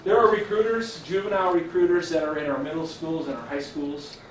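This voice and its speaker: A middle-aged man, a chaplain, gives an earnest storytelling talk to a church audience, with halting fillers and restarts and a hush for quoted speech. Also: a little high, steady tone. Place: church hall. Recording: echoey hall, distant mic, faint hiss.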